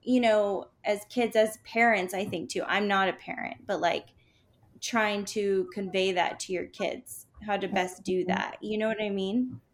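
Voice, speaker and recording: A woman's voice: mid-range voice, unhurried. A young adult woman co-hosting a chat show, telling a story with many fillers and acted-out quotes. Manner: animated, lots of "like" fillers, acts out quotes. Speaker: podcast co-host.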